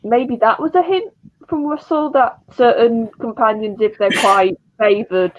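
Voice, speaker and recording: A woman's voice: fairly high pitch, unhurried. Woman thinking aloud on a dull mic. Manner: thinking aloud, repeats words. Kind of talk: casual livestream chat.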